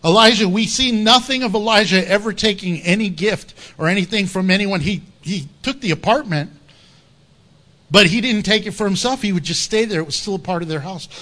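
Man, preacher, sermon, conversational, emphatic, sharp bright tone. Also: high voice, brisk. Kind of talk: expository sermon.

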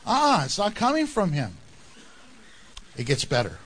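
A man preaching a sermon in an animated, conversational way, with jokes and asides to the congregation. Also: high-pitched, measured pace, a little hiss or hum. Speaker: pastor.

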